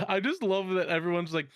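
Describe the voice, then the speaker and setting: A man's voice: high-pitched, lively intonation, moderate pace, fairly bright tone, no room sound, studio quality. A man co-hosting a casual podcast, laid-back and profane. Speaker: podcast co-host. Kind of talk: casual chat.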